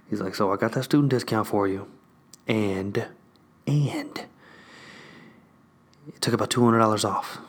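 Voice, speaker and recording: A young man chatting casually to his viewers, excitable and profane, swinging between loud bursts and hushed asides. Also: fairly low pitch, normal speed, pauses often. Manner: acts out whispered store dialogue. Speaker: vlogger. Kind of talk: casual chat to camera.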